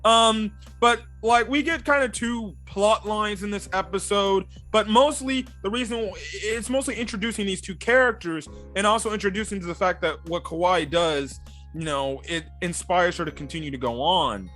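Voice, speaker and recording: Bright-voiced man rambling through an anime review. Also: high-pitched, moderate pace. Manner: rambling, full of fillers like "and stuff like that". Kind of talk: casual anime episode review. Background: faint background music.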